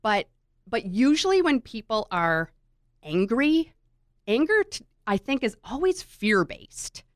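A middle-aged mother in casual conversation, reflective and expressive, often repeating words as she thinks. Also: a little high, takes it slowly, no echo, clean studio sound. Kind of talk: casual chat.

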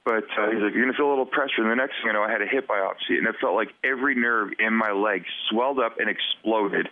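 A man from western Canada, speaking as a podcast guest about something he lived through. His delivery is earnest and halting, with words doubled as he gathers his thoughts. The sound is tinny and phone-like, with a dry, close quality. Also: fairly low pitch, no echo. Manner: earnest, halting storyteller who repeats words. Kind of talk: personal story in a podcast interview.

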